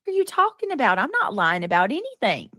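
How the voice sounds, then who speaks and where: A woman's voice: mid-range voice, wildly swooping pitch, fast, sharp tone, dry recording, studio quality. A woman hosting a live-stream chat, talking in an indignant, profane way and repeatedly demanding answers. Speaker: livestream host.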